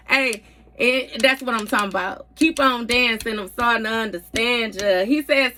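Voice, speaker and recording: A woman's voice: fairly high pitch, measured pace, pushed and bright. A woman giving a casual tarot reading in a blunt, heavily profane way, with frequent mm-hmms. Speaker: tarot reader.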